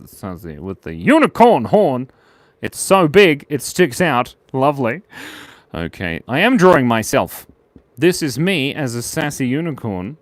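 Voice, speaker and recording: A man's voice: medium pitch, sing-song, moderate pace, no room sound. A man hosting a live drawing stream for kids, talking in a playful, silly, chatty way as he draws. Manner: playful, silly and chatty, with giggles and little voices. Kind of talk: casual live drawing commentary.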